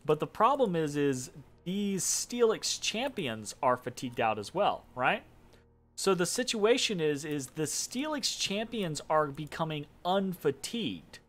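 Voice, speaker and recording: A man's voice: on the high side, sing-song, unhurried, fairly bright tone, soft background music. A man casually commentating his own strategy game turn, rambling, correcting himself and making wry asides. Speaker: let's play commentator.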